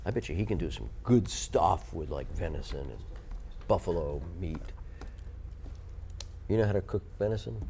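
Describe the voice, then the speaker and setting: A male morning-show host whose pitch bounces all over as he banters. He quizzes his co-host with quick, playful questions in a loose studio chat. A faint hum sits under the voice. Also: lively intonation, creaky, mellow. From Northern United States.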